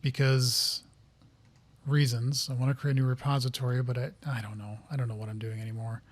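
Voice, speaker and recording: A man's voice: medium pitch, little pitch movement, fairly quick. Man thinking aloud while coding. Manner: rambling, easily flustered, thinks aloud. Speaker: software developer streaming a coding session. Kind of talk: casual live-coding commentary.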